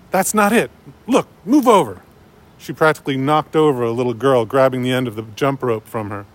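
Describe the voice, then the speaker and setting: A man narrating a story in a measured, unhurried way. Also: medium pitch. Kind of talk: story reading.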